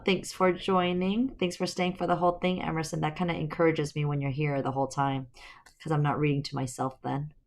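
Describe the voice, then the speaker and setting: A woman's voice: medium pitch, fairly bright tone. A woman reading a children's novel on a live stream, then chatting in a friendly, teasing way with young viewers. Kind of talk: casual storybook reading with chat to viewers.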